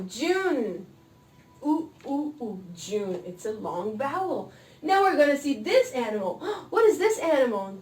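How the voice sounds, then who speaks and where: A woman teaches a phonics lesson to small children, speaking slowly and stretching each sound. Her voice sits fairly high, and she breaks in with playful gasps. Faint music plays underneath. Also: echoey room, recorded from a distance. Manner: slow, drawn-out sounds with playful gasps, switching between English and Spanish. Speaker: kindergarten teacher.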